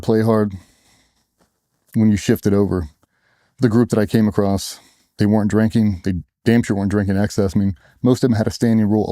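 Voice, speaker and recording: A middle-aged man with a very dark, mellow voice tells blunt war stories and acts out the quotes. His speech is a little low in pitch and sounds close and dry, with no room around it. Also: dry recording. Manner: blunt, profane storytelling with acted-out quotes. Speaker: guest, former special operations sailor. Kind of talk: storytelling in a casual interview.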